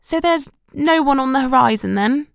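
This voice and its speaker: A woman's voice: high voice, lively intonation, moderate pace, vocal fry, no room sound, studio quality, pitched above the performer's own voice. A woman reading the part of a bitter, disapproving middle-aged mother in an audiobook, clipped and reproachful. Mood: tart.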